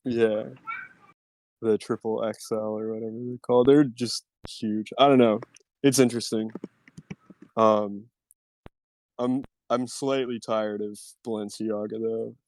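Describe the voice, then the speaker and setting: Young man, podcast host, relaxed casual chat, easy laughs, dry close sound. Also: on the low side, unhurried, long pauses, no room sound. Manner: laid-back, swears casually, laughs often.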